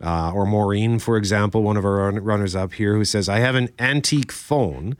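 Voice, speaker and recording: A man's voice: lowish voice, fairly quick, dry recording. A man co-hosting a morning radio show, chatting casually and reading listener letters aloud with asides. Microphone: studio microphone.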